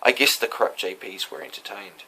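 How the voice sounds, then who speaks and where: Recounting his day in court after representing himself, a man talks casually but defiantly, lecturing with emphasis. His fairly low voice is brisk, bright and forceful, and the rough recording carries a little hiss or hum.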